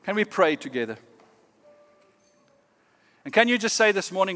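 A pastor giving a sermon in an earnest, measured way, often dropping to a quiet, emphatic tone. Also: male voice, sits high, very animated, big-room sound, faint music behind.

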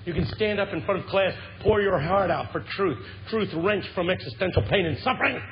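A man in his fifties preaches in a high, lively voice, jumping from near-shouts down to quiet, intense lows. The sermon is humorous but impassioned. The recording is muffled and lo-fi, with steady hiss underneath. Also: moderate pace. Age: 50s. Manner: animated, swings from shouts to hushed lows. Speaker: Christian speaker.

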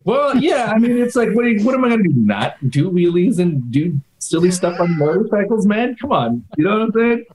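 A man's voice: sits high, big pitch swings, a little fast, hardly any pauses. A man on a phone call chatting casually and mocking himself, with lots of fillers. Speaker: podcast co-host. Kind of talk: casual chat. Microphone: phone on an internet call.

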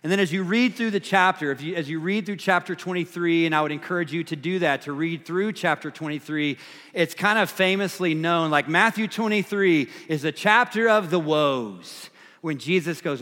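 A male pastor with a slightly high voice, talking a sermon through in a relaxed, conversational way with plenty of fillers and restarts. His voice rings with a long reverb, as if in a large hall. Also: unhurried. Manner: casual, conversational, frequent fillers and repeated phrases. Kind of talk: sermon teaching through scripture.

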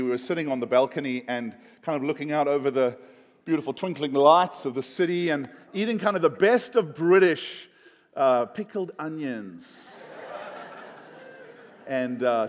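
Male preacher, slightly high voice, relaxed joking sermon, long hall echo. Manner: chatty, joking, with frequent fillers. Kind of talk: conversational sermon.

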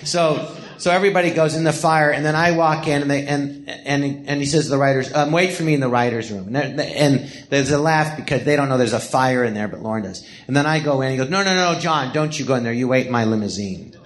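A man's voice: mid-range voice, fairly quick. A middle-aged man from the Los Angeles area, telling stories in a casual interview with lots of laughter and acted-out quotes. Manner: animated, laughing storyteller who acts out quotes. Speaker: podcast host telling stories. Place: small live theater.

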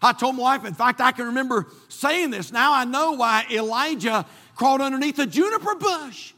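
A man's voice: very high-pitched, animated, moderate pace, few pauses, pushed and bright, big-room sound. A man from North Carolina, preaching a sermon and telling a folksy personal story with many restarts. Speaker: pastor.

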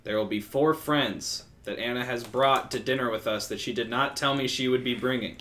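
A man's voice: medium pitch, moderate pace, a bit bright. Young man, wry casual podcast banter. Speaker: podcast co-host. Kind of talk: casual chat.

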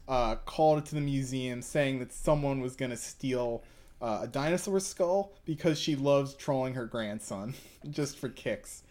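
A man's voice: mid-range voice, measured pace, a little mellow. Rambling young man, podcast co-host. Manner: rambling, with many fillers. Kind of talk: casual chat and reading a manga aloud.

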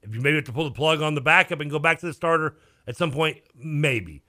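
A man co-hosting a sports talk radio show, emphatic and quick to laugh. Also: a little high, pushed and bright, no room sound, studio quality. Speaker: radio co-host and producer. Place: radio studio. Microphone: studio microphone.

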